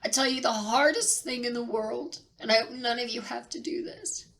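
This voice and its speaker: A middle-aged woman telling a personal story near tears, halting and repeating herself with pauses. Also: fairly high pitch, fairly bright tone. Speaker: vlogger sharing personal loss. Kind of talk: tearful personal account.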